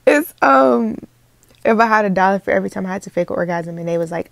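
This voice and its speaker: A woman chatting casually in a relaxed, slightly unsure way while recapping a video. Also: medium pitch, fast, gravelly, no echo.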